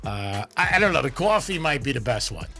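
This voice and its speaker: A man's voice: medium pitch, big pitch swings, brisk, gravelly, sharp tone. A man hosting a radio talk show, chatting loosely with many fillers and frequent laughs, then talking sports.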